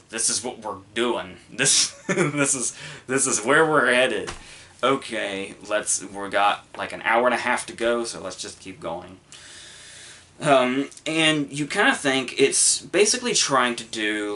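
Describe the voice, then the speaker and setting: A man's voice: lowish voice, bright, forceful tone. A man hosting a movie review podcast, talking casually and rambling, with many ums, restarts and curse words.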